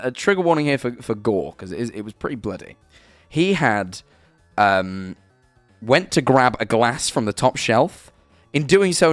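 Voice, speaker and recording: A man's voice: mid-range voice, a bit bright, no room sound. A young British man streaming, chatting casually and emphatically, swearing and tagging "right?" onto his sentences. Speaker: streamer reacting to videos and chat. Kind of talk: casual live-stream chat.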